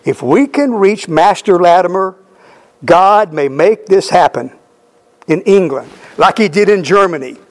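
A man's voice: high voice, animated, unhurried. A man voicing two scheming young male college students, eager and conspiratorial.

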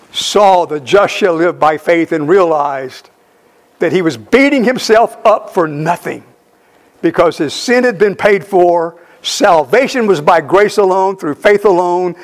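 A middle-aged man preaching a sermon, telling a story emphatically with repeated phrases. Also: high voice.

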